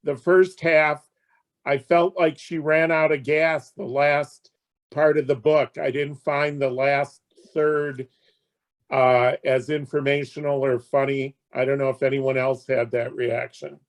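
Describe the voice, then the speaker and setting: A man's voice: mid-range voice, flat delivery, measured pace. A man in a book club discussion, giving a frank opinion. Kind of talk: casual discussion.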